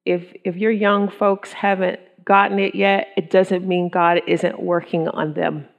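A woman's voice: on the low side, little pitch movement, a little slow, vocal fry, highs cut off. A middle-aged woman giving an earnest, conversational testimony to a women's group, often with ums and quoted thoughts. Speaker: women's ministry speaker.

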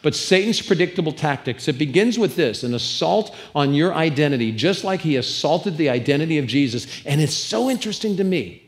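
A man preaching in church with a fairly high voice and an animated, storytelling manner. He jokes with the congregation and breaks off into asides before he comes back to his point. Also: fairly quick, hardly any pauses. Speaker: pastor. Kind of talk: sermon.

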